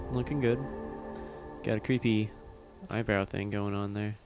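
A man's voice: medium pitch, little pitch movement, normal speed, music in the background. A man casually narrating his gameplay, swearing freely and chatting to the characters on screen. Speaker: gameplay commentator. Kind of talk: casual let's-play commentary.

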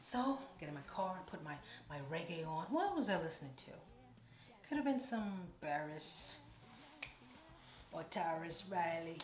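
A woman from an island, telling a casual storytime with playful, animated asides. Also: lowish voice, a little slow. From Caribbean island. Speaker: vlogger. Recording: echoey room.

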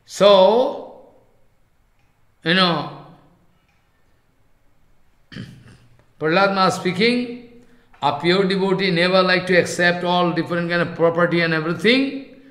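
High, bright-voiced man lecturing in an echoey room. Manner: halting and repetitive, slowly chanting verses. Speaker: spiritual teacher. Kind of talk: scripture class lecture.

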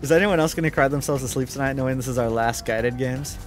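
A man's voice: medium pitch, fast talker, soft background music. A man teasing and laughing with friends over game voice chat. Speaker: gamer and co-host. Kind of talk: casual gaming banter.

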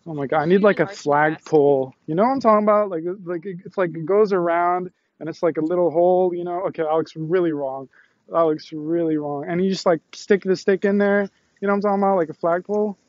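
A man's voice: high voice, brisk, no room sound, lo-fi sound. A young man livestreaming outdoors on a selfie stick, hyped and laughing, sweaty and out of breath as he walks. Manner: hyped, laughing, talks to passersby. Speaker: streamer. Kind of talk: walking livestream chat. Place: outdoors, on a campus. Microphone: phone on a selfie stick.

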